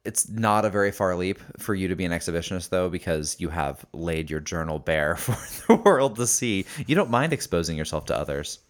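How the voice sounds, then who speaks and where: A man's voice: low-pitched, lively intonation. A man co-hosting a podcast, chatting casually and playfully teasing his co-host. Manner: playful, teasing, quick to joke. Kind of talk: casual chat.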